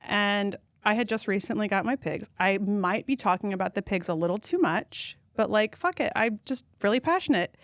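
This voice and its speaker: A woman, a podcast guest telling funny stories and acting out quotes in a high voice. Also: moderate pace, hardly any pauses, dry recording, clean studio sound. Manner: animated storyteller who acts out quotes in a high voice. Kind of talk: casual storytelling chat.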